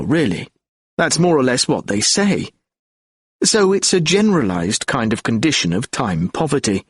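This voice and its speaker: A man's voice: medium pitch, big pitch swings, normal speed, slightly rough, no room sound, studio quality. A man reading an audiobook of lecture transcripts in a reflective, argumentative lecture tone. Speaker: audiobook narrator.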